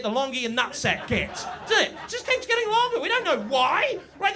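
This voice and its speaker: Man, 40s, stand-up comedian, high voice, very animated delivery, village pub. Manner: animated, swings between booming and hushed storytelling. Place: village pub before a live audience.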